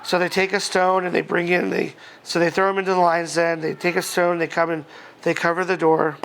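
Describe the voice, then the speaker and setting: A man with a high voice and a gravelly, fry-edged texture delivers a casual sermon. He reads scripture passages aloud and talks through them conversationally, with plenty of fillers and small chuckles along the way. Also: a little fast. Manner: relaxed, chatty, frequent fillers and chuckles. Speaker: pastor.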